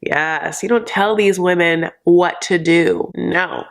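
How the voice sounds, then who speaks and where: A woman hosting a reality TV recap, talking straight to viewers in an animated, sarcastic, opinionated way. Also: on the low side, slow, creaky. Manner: animated and sarcastic, acts out quotes in exaggerated voices. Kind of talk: opinionated casual recap commentary.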